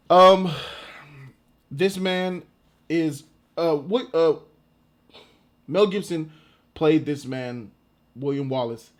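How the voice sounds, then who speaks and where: A man giving a casual, rambling reaction to a movie trailer, excitable and quick to laugh. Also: a little high.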